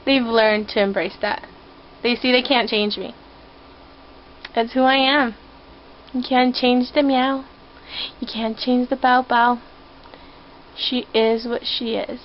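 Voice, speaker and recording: A woman's voice: on the high side, steady tone, slow pace, long pauses, lo-fi sound, a little hiss or hum. A woman talking casually to her viewers from her own room, rambling, playful and openly emotional. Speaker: vlogger. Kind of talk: casual heartfelt talk to camera.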